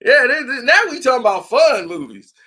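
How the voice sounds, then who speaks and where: A man's voice: very high voice, big pitch swings, fairly quick, crowd noise. A man from Chicago hosting a casual horror movie livestream, laughing often and acting out scenes as he talks.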